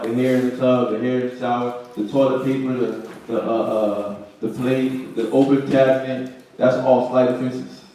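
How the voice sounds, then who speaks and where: Man, Bible class teacher, mellow voice, casual preaching, distant mic, very echoey room. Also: medium pitch. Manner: conversational preaching with slang and acted-out quotes. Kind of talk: Bible lesson, explaining scripture verse by verse.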